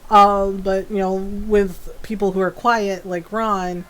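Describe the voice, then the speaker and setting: A woman's voice: mid-range voice, little pitch movement, slow, a little hiss or hum. A middle-aged woman livestreaming a video game, chatting casually and telling family stories with frequent laughter. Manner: chatty storytelling, laughs often. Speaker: game streamer.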